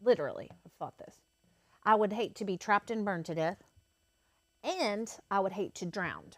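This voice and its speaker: A woman's voice: mid-range voice, normal speed, no echo. A woman co-hosting a craft video, chatting casually and acting out voices as she tells a story. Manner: animated storyteller, acts out quotes. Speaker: craft channel co-host. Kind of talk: casual chat.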